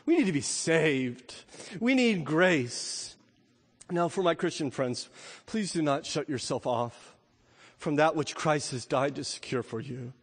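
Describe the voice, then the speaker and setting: A middle-aged man preaching a sermon as pastor, swinging from emphatic peaks to quiet, light asides. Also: a little high, expressive, a little slow, breathy edge. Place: church sanctuary. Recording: long reverb of a church hall.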